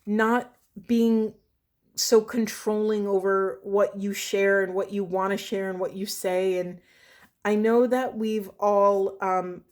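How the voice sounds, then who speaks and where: A woman's voice: medium pitch, level tone, slow pace. Woman, thirties, tarot reader and spiritual coach; earnest, heartfelt, loose spoken delivery. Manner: earnest, gently emotional, many fillers. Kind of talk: casual spiritual reading monologue.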